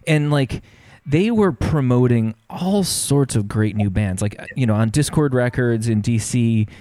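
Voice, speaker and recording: A man's voice: mid-range voice, animated, measured pace, mellow, dry recording, studio quality. A man casually chatting as a podcast host, rambling with many fillers and restarts. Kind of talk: casual chat about music.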